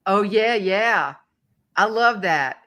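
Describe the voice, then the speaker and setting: Bright, animated woman telling stories. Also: medium pitch, slow. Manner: animated storyteller, acting out voices. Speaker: podcast host. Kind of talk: casual interview chat.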